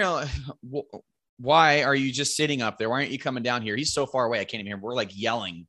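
A man's voice: mid-range voice, fast talker, pushed and bright, no room sound, studio quality. A man, likely in his thirties, casually telling a rambling, profane hunting story and raising his voice to quote his friends.

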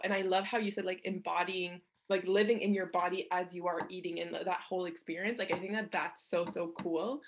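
A young woman with a fairly low voice hosts a podcast conversation. She talks in a loose, chatty way, full of fillers and quick laughs. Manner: chatty, heavy use of "like", laughs easily. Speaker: podcast host. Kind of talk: casual interview chat.

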